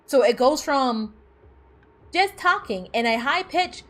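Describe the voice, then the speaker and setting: A woman's voice: high-pitched, fairly bright tone. Chatty woman streaming a game. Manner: chatty, reads game text aloud, laughs easily. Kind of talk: casual gameplay commentary.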